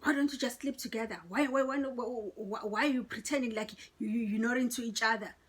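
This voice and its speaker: A woman voicing a jealous, irritated female coworker who needles in fast, repetitive bursts. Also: a little high, steady tone, breathy edge. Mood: needling.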